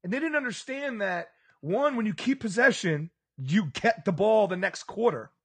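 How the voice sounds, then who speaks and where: High-voiced man telling an animated story. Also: moderate pace, slightly rough. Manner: animated storyteller, acts out bar crowd reactions. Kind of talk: casual sports podcast chat.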